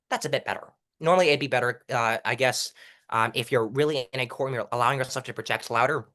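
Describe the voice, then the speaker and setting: A man's voice: medium pitch, fast. A young man in a casual interview, explaining courtroom delivery and acting out example lines to show it. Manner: animated, demonstrates delivery by reciting lines at different volumes. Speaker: interview guest, mock trial competitor.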